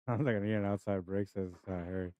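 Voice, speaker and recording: A man's voice: lowish voice, steady tone, fast, warm tone, no echo. A young man giving casual live-stream commentary on a pool match, chatty and laughing as he greets viewers by name. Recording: dry, slightly dull stream audio.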